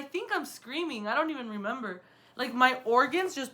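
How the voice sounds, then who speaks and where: A young woman from the El area telling a story casually in a vlog, animated and profane, acting out the dramatic moments. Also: on the high side, brisk. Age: young adult. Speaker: vlogger.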